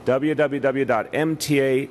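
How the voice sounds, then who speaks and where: A middle-aged man with a New York accent giving an official press briefing as mayor, speaking deliberately with frequent "uh" pauses. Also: mid-range voice, fairly even intonation, darkish tone, slight background noise.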